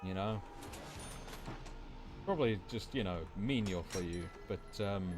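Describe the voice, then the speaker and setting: A man's voice: sits low, measured pace, over music. A young man with an accent that drifts partly American, rambling casually and swearing during a late-night gaming stream. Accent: mixed, partly American. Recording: noisy with game gunfire.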